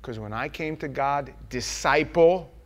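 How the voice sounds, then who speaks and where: A man's voice: on the high side, a little slow. A man preaching a sermon in church, earnest and conversational, acting out the voices he quotes.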